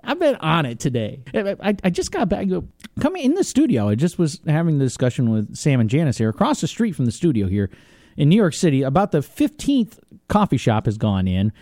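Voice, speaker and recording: A man's voice: on the high side, very animated, brisk, dark tone, dry recording. A young man hosting a talk radio show, chatting casually in a studio and laughing often.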